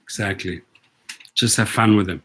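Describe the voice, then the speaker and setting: A man's voice: lowish voice, steady tone, moderate pace, sharp tone, breathy edge. A man hosting a casual livestream, talking emphatically and asking rhetorical questions. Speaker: rideshare channel host.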